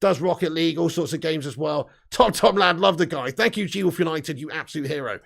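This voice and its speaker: A man in his thirties hosting a live football fan stream, joking, laughing and shouting out viewers. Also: on the high side, brisk, vocal fry. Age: 30s. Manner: laughing, jokey, loud shout-outs. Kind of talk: casual live-stream banter.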